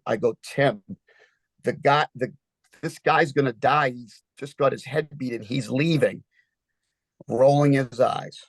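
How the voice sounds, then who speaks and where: A man's voice: mid-range voice, dry recording. A man testifying as a witness at a hearing, urgent and emotional, close to tears and repeating himself.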